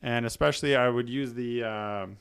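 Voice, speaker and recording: A man co-hosting a sports podcast, talking in a relaxed, rambling way. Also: medium pitch, moderate pace, clean tone. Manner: relaxed, rambling, many "like" fillers. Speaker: podcast co-host, former volleyball player and coach. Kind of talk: casual chat.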